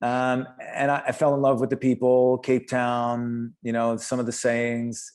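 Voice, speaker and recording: A man's voice: mid-range voice, monotone, unhurried, darkish tone, clear, resonant tone. A man, an actor, chatting as a guest in an interview and telling anecdotes with lots of fillers and restarts. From United States. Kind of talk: casual interview chat.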